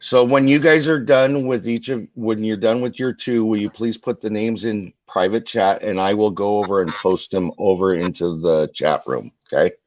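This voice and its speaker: Male host, lowish voice, easygoing chatter, dull lo-fi call audio. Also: normal speed, few pauses, darkish tone, no echo. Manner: chatty, self-deprecating, fillers. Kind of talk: casual live-stream chat.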